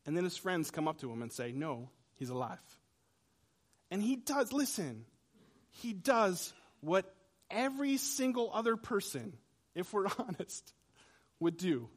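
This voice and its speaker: A man preaching a sermon in a conversational way, swinging between loud emphasis and quiet, hushed lines. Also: high-pitched, very animated, a little slow. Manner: dramatic shifts between loud and soft. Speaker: pastor.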